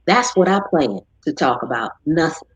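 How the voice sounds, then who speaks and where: Woman host, husky and low, chatty live-stream talker, dull dry audio. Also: moderate pace, no echo. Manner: chatty, animated when quoting others. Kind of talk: casual chat.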